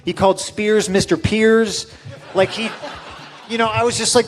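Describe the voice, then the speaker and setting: A man with a voice a touch higher than most spins a backstage story in loose, casual talk. He gets animated and raises his voice to act out what people said. Soft music plays faintly underneath. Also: moderate pace, long pauses. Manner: animated, acts out quotes with raised voice. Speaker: interview guest telling a story.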